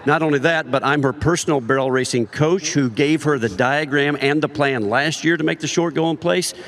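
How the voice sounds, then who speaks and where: A man's voice: on the high side, a little fast, a bit bright. A man analyst in a casual panel chat, confident and making his case with numbers. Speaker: rodeo analyst.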